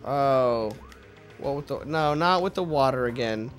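A man hosting a let's play, giving casual gameplay commentary that swings from low mumbling to frustrated shouting, with free swearing. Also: expressive, a little slow, soft background music.

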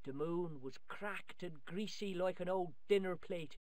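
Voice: mid-range voice, a little slow, a little mellow, lightly acted. An actor voicing a cheeky, mouthy young Irish boy in a video game, with an Irish accent and a brash, boastful way of talking. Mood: spooky storytelling. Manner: brash, boastful, tall-tale telling.

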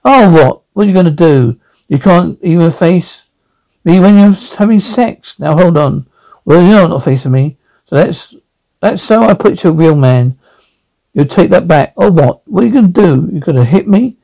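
Man playing a nagging scornful wife, belittling, gravelly, mellow tone, one-man radio drama. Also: sits high, lively intonation, moderate pace, poor audio. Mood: taunting. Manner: contemptuous, belittling.

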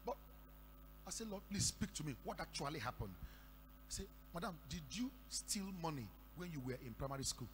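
A Nigerian man preaching a sermon, telling stories and breaking into shouted declarations. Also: on the high side, sing-song, normal speed. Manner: storytelling with sudden shouted declarations. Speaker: pastor. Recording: echoey hall with faint hum.

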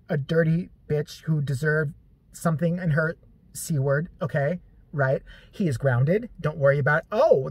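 Worn-out mom apologizing on robocalls, flat and weary, played by a vlogger. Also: female voice, low-pitched, breathy edge, dry recording. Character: apologetic mother making robocalls about her swearing son.

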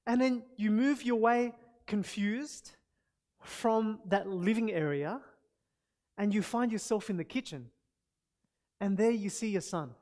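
A man's voice: high-pitched, measured pace, pauses often, darkish tone. A man preaching a sermon as pastor, earnest and exclaiming praise as he addresses the congregation directly.

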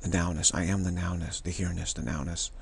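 A man giving a casual spiritual talk to camera, rambling and repeating himself with halting restarts. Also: sits low, little pitch movement, vocal fry, a little hiss or hum. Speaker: spiritual vlogger.

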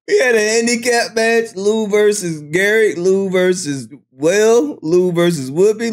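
A man hosting a live stream, recapping in a loose, profane, slangy manner and swinging between a low drawl and high squeals. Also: measured pace, hardly any pauses. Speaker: livestream host. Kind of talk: casual live-stream commentary.

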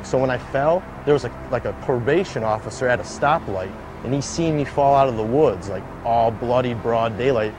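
This medium-pitched man speaks at a moderate pace with hardly any pauses, background noise and music behind him. Telling his life story in a relaxed interview, he wanders off track, fills gaps with fillers, and performs quoted voices.

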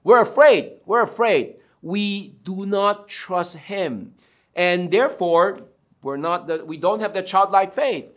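A man's voice: high-pitched, animated, takes it slowly, a bit bright. A man preaching a sermon as pastor, emphatic and given to dramatic storytelling.

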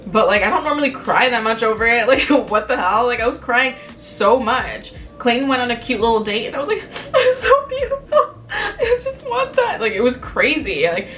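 A woman in her twenties talking to camera in a casual, candid way, storytelling and acting out quoted lines with lively energy. She sits a bit back from the microphone. Soft music plays faintly underneath. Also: mid-range voice, recorded from a distance. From Canada. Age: 20s. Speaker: vlogger.

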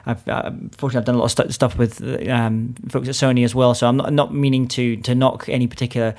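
A man's voice: medium pitch, flat delivery, fast talker, darkish tone. A man hosting a podcast interview, talking in a casual, conversational way with frequent restarts. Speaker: podcast host.

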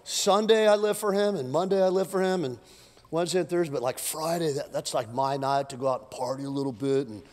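A man preaching an energetic, joking sermon to a congregation, his voice worn thin from preaching many services, swinging between loud jabs and quiet asides. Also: on the high side, brisk. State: losing his voice. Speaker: pastor. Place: church auditorium with live congregation. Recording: long hall reverb.

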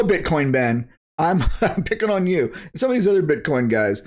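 A man's voice: on the high side, expressive, brisk, a little mellow. A man recording a crypto vlog, talking in a blunt, worked-up rant full of slang and sound effects. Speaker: crypto YouTuber. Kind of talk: ranting market commentary vlog.

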